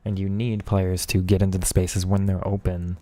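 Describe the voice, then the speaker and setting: A man's voice: low voice, flat delivery, moderate pace, dark tone, dry recording. A man streaming a football video game, talking casually and with frustration at the match while chatting with viewers. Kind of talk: casual gaming commentary.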